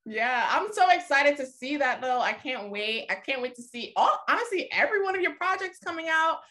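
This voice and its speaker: A woman interviewer with a fairly high, lively voice that moves around a lot. She keeps an enthusiastic, affirming tone as she hosts. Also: brisk. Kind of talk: casual interview chat.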